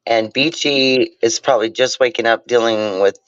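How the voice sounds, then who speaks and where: A woman with a Southern American accent, a mother chatting casually on a livestream in a relaxed, easygoing way. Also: extremely low pitch, moderate pace, dry recording. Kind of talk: casual chat. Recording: dull dry lo-fi stream audio.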